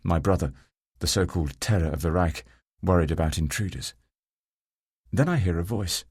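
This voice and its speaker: A male audiobook narrator with a low, slightly husky voice. He reads a first-person story at a measured, calm pace, recorded dry and close to the mic. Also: no room sound.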